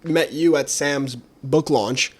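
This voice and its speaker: A man's voice: fairly high pitch, takes it slowly. A young man hosting a podcast, speaking candidly and casually with some slang. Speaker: podcast host. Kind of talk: casual conversation.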